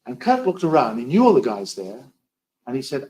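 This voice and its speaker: A man giving a storytelling history lecture, with dry, wry asides that swing between loud emphasis and quiet remarks. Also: mid-range voice, wildly swooping pitch, a little fast, poor audio.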